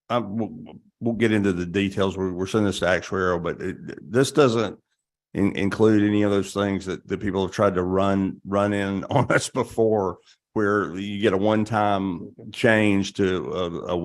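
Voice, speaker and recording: A man with a very low voice asks a question during a committee hearing. He stammers and repeats words as he goes, his tone casual. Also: steady tone, a little slow. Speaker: committee member.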